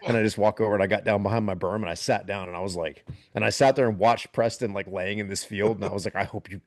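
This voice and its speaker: A military veteran guest with a very low voice, spinning a story in relaxed podcast chat. He talks in an animated way and breaks into laughter now and then. The sound is dry and close. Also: fast talker, dry recording.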